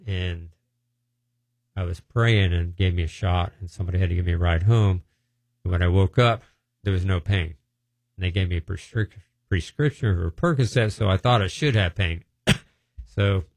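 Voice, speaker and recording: Man, middle-aged, deep gravelly voice, rambling testimony style. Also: a little mellow, no room sound. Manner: rambling storytelling with restarts. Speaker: preacher sharing healing testimonies. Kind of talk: informal testimony talk.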